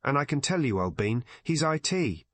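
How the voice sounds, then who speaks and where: A man voicing a cheerful, practical young Englishman in an audiobook, with a slightly raised, brisk delivery. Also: medium pitch, very animated, no room sound, voice pushed up, close to an everyday voice.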